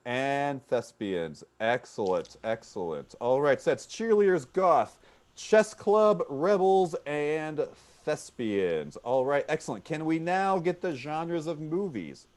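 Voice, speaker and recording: A man runs an improv comedy game over a video call. His voice sits a bit high and swings widely in pitch. He is upbeat and repeats each suggestion back to the players. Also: very animated, takes it slowly, a little mellow. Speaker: referee and host of an improv show. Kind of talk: online comedy game hosting.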